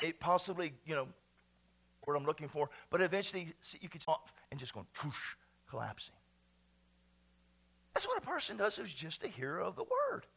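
Bright-voiced pastor preaching with fervor. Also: male voice, on the high side. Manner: dynamic preaching, swings from hushed to shouting. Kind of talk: sermon. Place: church sanctuary.

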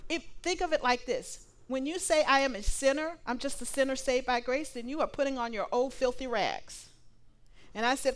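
Woman, sermon, preacher, animated, slightly high voice, acts out dialogue. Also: moderate pace.

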